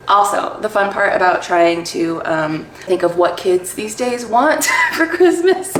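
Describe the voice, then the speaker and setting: A woman's voice: mid-range voice, wildly swooping pitch, a little slow, few pauses. A woman in her thirties who makes comedy skits, chatting casually with playful asides. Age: 30s. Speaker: comedy skit creator. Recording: echoey room with noise.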